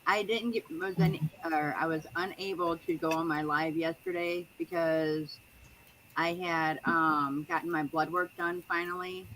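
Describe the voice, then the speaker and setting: A woman guest on a video call who tells a story in a rambling way, with many pauses. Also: deep voice, steady tone, fairly bright tone, a little hiss or hum, rough recording. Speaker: livestream guest. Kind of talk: casual video call chat.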